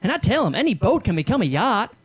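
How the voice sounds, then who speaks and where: A man's voice: high-pitched, sing-song, fast talker, husky, pitched above the performer's own voice, exaggerated voice. A man doing a stand-up character bit, voicing a pompous, boastful male comedian who brags about his yacht. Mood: smug. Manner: pompous, self-satisfied bragging.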